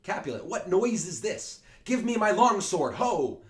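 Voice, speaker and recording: A man voicing an angry old male head of a noble house, shouting demands in a raised, strained voice. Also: mid-range voice, sing-song, moderate pace, natural voice. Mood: blustering. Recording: echoey room.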